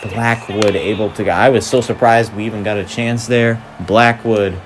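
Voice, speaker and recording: A man's voice: fairly low pitch, moderate pace, background noise. A young man doing play-by-play commentary while he plays a video hockey game, calling goals like a sportscaster and yelping and groaning at the action. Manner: excitable, mock sportscaster calls, yelps and groans. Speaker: gaming YouTuber. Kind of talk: live play-by-play gaming commentary.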